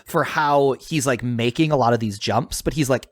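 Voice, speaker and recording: A man's voice: mid-range voice, moderate pace, dry recording, clean studio sound. A man co-hosting a podcast in casual chat, chatty with lots of fillers and frequent laughs. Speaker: podcast co-host.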